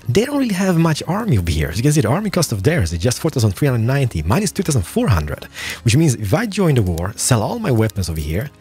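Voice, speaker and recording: Gameplay commentator: young man, very animated delivery, faint music underneath. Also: medium pitch, quick pace, husky. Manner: animated, excitable, muttering to himself. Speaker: gaming YouTuber.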